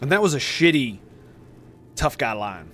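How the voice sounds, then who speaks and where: A man streaming a video game, rambling with excited, profane commentary. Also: mid-range voice, a little slow, a little hiss or hum. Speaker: gaming streamer. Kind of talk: casual gameplay commentary.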